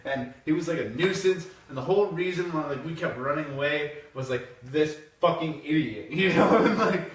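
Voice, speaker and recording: Brief: young male host, slightly high voice, swears a lot, animated storyteller, echoey room, mic far off. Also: normal speed. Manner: profane, animated, laughing storyteller. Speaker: podcast host. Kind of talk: casual storytelling.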